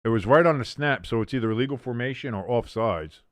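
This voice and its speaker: A male stream host giving casual play-by-play with plenty of jokes and the odd curse. His voice is lively and moves up and down a lot. The sound is dry and close, with no room echo. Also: mid-range voice, fast talker. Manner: joking, profane, animated. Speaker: livestream host doing play-by-play.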